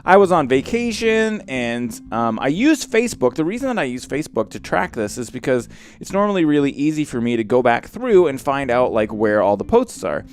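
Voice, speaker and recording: A man hosting a casual game commentary, chatty and excitable and quick to cry out in surprise. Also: mid-range voice. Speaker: let's play host.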